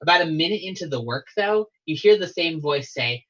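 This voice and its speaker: Bright-voiced game master narrating. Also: medium pitch, expressive, a little fast. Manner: descriptive, easygoing. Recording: slightly dull lo-fi audio.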